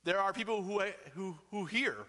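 A middle-aged male pastor with a high, bright, ringing voice preaches emphatically, tossing out rhetorical questions to his congregation. His words trail off into the long reverb of a large church hall. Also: normal speed. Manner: emphatic, peppered with rhetorical "right?". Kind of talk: sermon.

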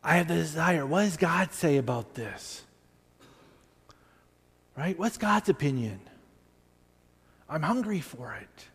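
A man's voice: fairly high pitch, lively intonation, takes it slowly, pauses often, a bit bright, slightly rough. A man preaching a sermon as pastor of a church, talking in a conversational, self-deprecating way with frequent restarts and asides. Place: church sanctuary. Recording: long hall reverb.

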